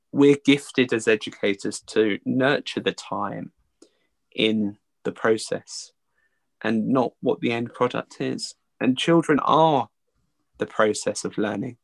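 A man, an early educator, giving an earnest, halting interview answer with frequent restarts. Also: mid-range voice, vocal fry, no room sound.

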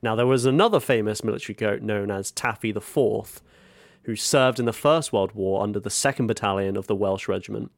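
A man's voice: on the low side, a little fast, gravelly, no room sound. A man co-hosting a comedy podcast, telling a story in a mock-grand way and swearing as he laughs. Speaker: co-host. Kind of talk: comic podcast chat.

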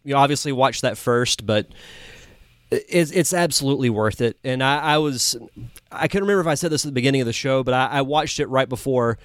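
An excitable man hosts a casual podcast chat, his voice sitting in a middle register. He laughs easily while recounting favorite moments. The sound is close and dry, with no room around it. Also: medium pitch, a little fast, dry recording. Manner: enthusiastic, laughs while retelling scenes. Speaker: podcast host.

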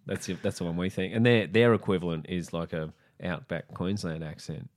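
A man's voice: low voice, steady tone, brisk. A middle-aged Australian man in a laid-back, joking casual chat.

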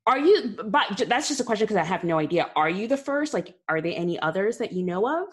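A woman's voice: medium pitch, lively intonation, quick pace. A woman co-hosting a podcast, asking chatty questions full of fillers. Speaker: podcast co-host. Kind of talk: casual interview chat.

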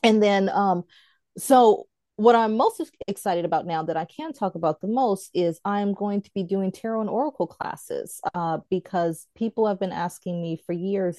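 A woman guest in a casual online interview, chatty and animated as she tells stories and laughs. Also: on the low side, dry recording. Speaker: guest, author and tarot teacher.

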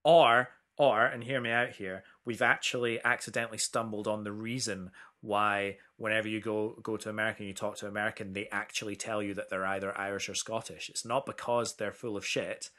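A man co-hosting a casual chat, talking loosely, restarting sentences and jumping up in pitch when excited. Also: fairly quick, hardly any pauses. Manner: chatty, self-interrupting, big pitch swings when excited. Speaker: podcast co-host.

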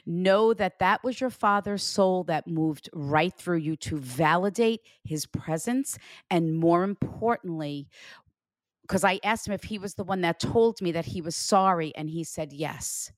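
A woman's voice: lowish voice, a little slow, no echo. A woman hosting a show as a psychic medium, giving a spiritual reading and acting out the dialogue she relays. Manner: animated, acts out quoted dialogue.

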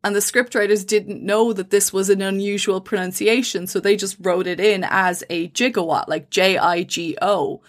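A woman's voice: medium pitch, fairly even intonation, normal speed, hardly any pauses. A woman co-hosting a casual podcast, explaining science at length with fillers and restarts. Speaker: podcast co-host.

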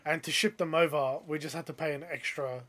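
Animated man telling a story. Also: on the high side, brisk, a little hiss or hum. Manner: animated, rising loud when quoting others. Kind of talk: casual storytelling.

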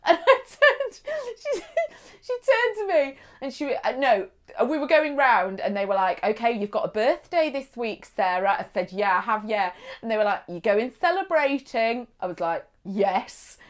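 A woman's voice: on the high side, sing-song, normal speed, few pauses. A woman in her thirties chatting casually, laughing often and acting out the people she quotes. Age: 30s. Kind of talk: casual chat.

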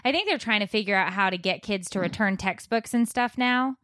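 A woman in her thirties, a mother, chatting as a podcast co-host and telling stories with lively, dramatic flair. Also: mid-range voice, a little fast, dry recording, clean studio sound. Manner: animated, dramatic storyteller. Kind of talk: casual chat. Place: warm recording room.

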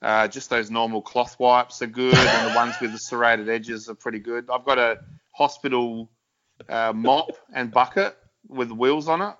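A man's voice: medium pitch, steady tone, normal speed, fairly bright tone, dull audio. An Australian man guesting on a podcast, telling rambling stories about his music career, swearing freely and laughing often. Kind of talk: casual podcast chat.

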